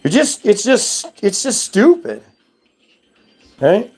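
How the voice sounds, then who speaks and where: A man's voice: high voice, sing-song, slow, darkish tone, slightly rough. A man in a casual ranting monologue, mocking and profane, answering chat.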